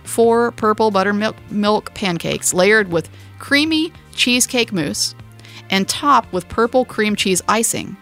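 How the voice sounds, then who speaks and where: A woman co-hosting a podcast, chatting casually, laughing often and acting out quotes in a high squeal. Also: animated, unhurried, fairly bright tone, soft background music. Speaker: podcast co-host. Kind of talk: casual chat.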